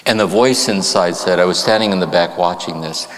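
A man, a therapist and spiritual teacher, giving a reflective talk to a live audience in a church. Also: low voice. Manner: reflective, slows and softens on key phrases. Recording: long hall reverb in a church.

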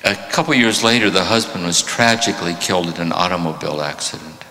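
Low bright-voiced retreat teacher. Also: male voice, quick pace. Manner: animated storytelling, reflective. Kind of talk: spiritual talk with jokes. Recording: reverberant hall.

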